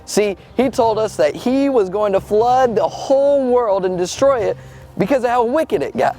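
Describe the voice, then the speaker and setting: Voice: mid-range voice, expressive, moderate pace, mellow, faint music behind, close to an everyday voice. An actor voicing a laid-back, trusting male lion in a kids' church comedy skit, talking in an easygoing, slightly goofy drawl.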